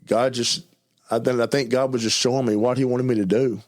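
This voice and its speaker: In a casual interview, a middle-aged man with a Southern US accent tells his life story as a testimony, occasionally mumbling and stuttering and speeding up in bursts. His voice is medium-pitched and steady in tone.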